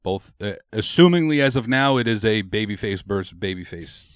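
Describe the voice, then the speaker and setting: A man's voice: lowish voice, a little fast, clear, resonant tone, dry recording, studio quality. A man co-hosting a podcast in casual chat, joking and swearing heavily. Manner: animated, joking, heavy swearing. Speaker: podcast co-host.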